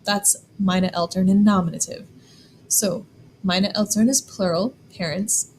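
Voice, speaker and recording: Clear, deliberate woman teaching German. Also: mid-range voice, steady tone, darkish tone, a little hiss or hum, rough recording. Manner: clear, deliberate, spells out examples slowly. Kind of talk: scripted classroom explanation.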